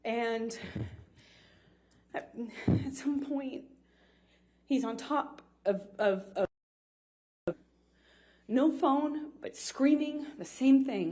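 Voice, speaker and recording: A woman giving courtroom testimony from a witness stand, speaking haltingly with many fillers and restarts. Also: high-pitched, darkish tone.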